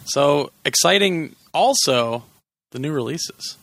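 Gravelly man hosting a casual podcast. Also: a little high, expressive, slow, a bit bright, no echo. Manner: laughing, loose and rambling. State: sore voice, sucking a lozenge. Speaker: podcast host.

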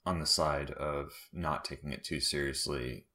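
A man with a very low voice tells workplace stories in a casual chat. He rambles, swears freely and drifts between tangents. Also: steady tone, a little slow, pushed and bright. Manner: loose, profane, rambling anecdotes.

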